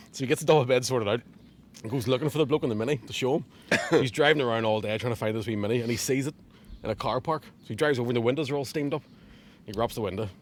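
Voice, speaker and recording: A man's voice: medium pitch, fast, a little hiss or hum. Northern Irish man telling a pub joke. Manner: storytelling, laughs often, swears freely. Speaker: comedian guest. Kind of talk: casual chat, joke telling. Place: outdoors in a garden.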